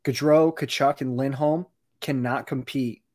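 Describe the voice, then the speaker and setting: A man co-hosting a casual sports podcast, talking through team analysis in a measured, analytical way and often saying "you know". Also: mid-range voice, steady tone, a little mellow. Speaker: podcast co-host, hockey analyst.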